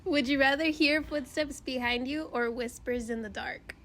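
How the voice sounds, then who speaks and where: A woman on a podcast reading would-you-rather questions aloud in a slow, deliberate way. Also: high voice, fairly bright tone, slight background noise.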